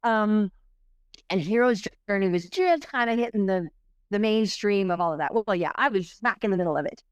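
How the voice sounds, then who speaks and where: A middle-aged woman, a podcast guest, telling a personal story in an animated, rambling way, full of restarts and fillers. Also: mid-range voice, normal speed, clear, resonant tone, no room sound, dull audio.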